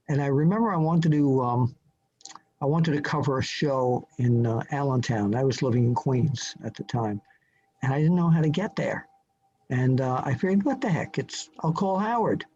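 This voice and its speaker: An older man, a journalist appearing as a podcast guest, telling a story from memory in a halting way, full of fillers and restarts. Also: medium pitch, dark tone. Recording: slightly dull lo-fi audio with faint hiss.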